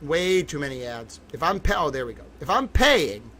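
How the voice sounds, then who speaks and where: A man hosting a livestream as a reporter, giddy and sarcastic with loud profane outbursts. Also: on the high side, big pitch swings, moderate pace, slight background noise. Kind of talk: ranting livestream commentary.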